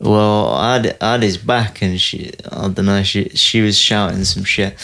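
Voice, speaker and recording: Young guy fighter, real deep voice, chill podcast chat, laughs a lot. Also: fairly even intonation, moderate pace, creaky, sharp tone. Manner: laid-back, often says "man", laughs easily. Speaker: MMA fighter guest.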